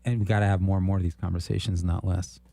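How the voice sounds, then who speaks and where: A man's voice: low-pitched, fairly even intonation, fast, vocal fry, dark tone. A man co-hosting a talk show, chiming in with affirming remarks in casual panel talk.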